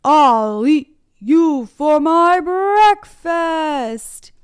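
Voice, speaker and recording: A woman voicing a hungry, greedy troll in a storybook read-aloud for young children, with slow, loud, drawn-out threats. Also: high voice, expressive, voice pushed up, exaggerated voice. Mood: menacing.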